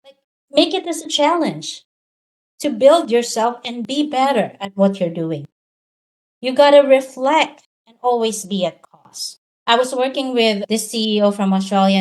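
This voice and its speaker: Earnest woman giving a motivational talk. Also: mid-range voice. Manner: direct, earnest, asks many rhetorical questions. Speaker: speaker coaching virtual professionals.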